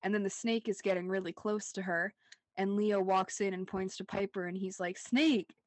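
A woman's voice: medium pitch, level tone, a little fast, no room sound. A young woman co-hosting a rewatch podcast, recapping scenes in casual chat, laughing often and saying "like" a lot. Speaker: podcast co-host.

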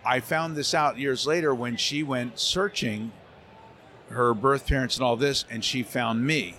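Interviewed at a convention center, a male voice actor tells his stories with lively energy, slipping into character voices along the way. His medium-pitched voice is unhurried, and there's slight background noise.

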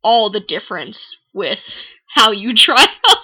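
A woman's voice: mid-range voice, sing-song, a little slow, sharp tone, husky. A young woman co-hosting a podcast in frank, jokey casual chat, laughing often. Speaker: podcast co-host. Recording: poor sound quality.

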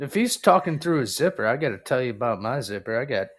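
A man's voice: mid-range voice, sing-song, fast. A man on a comedy panel making crude wisecracks. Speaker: panel guest.

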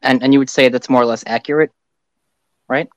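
A man's voice: mid-range voice, steady tone, brisk, no echo, dull audio. A man co-hosting a podcast, reacting and reading out comments in casual chat. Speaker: podcast co-host.

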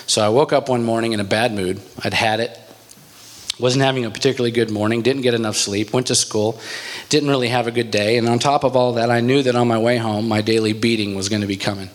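A man, a church pastor, telling a story in a sermon in an animated, storytelling way. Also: mid-range voice.

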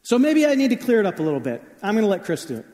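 A man's voice: high-pitched, huge pitch swings, rapid-fire, mellow, big-room sound. A man preaching a sermon as pastor, telling stories in a conversational way with frequent shifts of pace.

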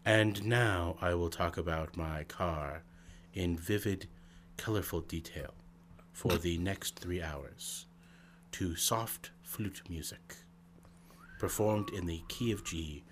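A man doing a hushed, whispery public-radio announcer. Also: slight background noise. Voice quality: low, whispery. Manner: slow, soft, drawn-out delivery.

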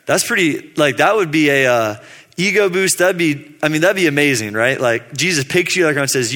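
A man's voice: on the high side, animated, a little fast, fairly bright tone. Casual slangy preacher man in a reverberant hall. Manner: laid-back, slangy, acts out quotes. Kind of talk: casual youth sermon.

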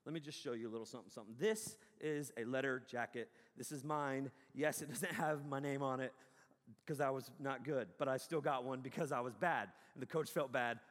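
A man preaching an energetic, joking sermon from a stage, bursting into loud yells and poking fun at himself. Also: medium pitch, brisk. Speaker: pastor. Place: large hall on a stage. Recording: long hall reverb.

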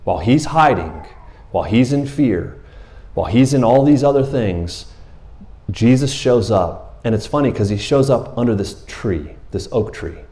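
A man's voice: medium pitch, lively intonation, normal speed, mellow. A man preaching a sermon in church, casual and joking, acting out Bible characters in a raised voice. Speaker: pastor.

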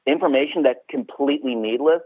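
A man chatting casually about a movie, animated and swearing, acting out scenes in silly voices. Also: mid-range voice, brisk, husky, no room sound. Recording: tinny phone-like sound.

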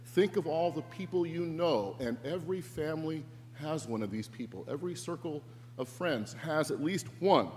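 A man's voice: on the high side, animated, moderate pace, a little mellow. A man preaching a sermon as pastor, earnest and reflective, shifting his emphasis. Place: church sanctuary. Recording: echoey church with faint hum.

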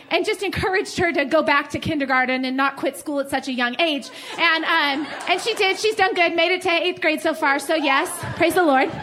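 A woman in her forties, a pastor, preaching to a women's gathering in an animated, laughing storytelling manner. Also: sits high.

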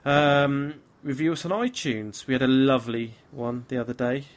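A man's voice: mid-range voice, normal speed. A tired, slightly tipsy man hosting a casual podcast, talking in a weary, grumbling, self-mocking way. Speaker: podcast host.

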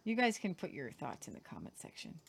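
A woman's voice: deep voice, huge pitch swings, brisk, creaky, slightly rough. Sarcastic woman reading the news. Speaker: news commentary co-host. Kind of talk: casual news commentary.

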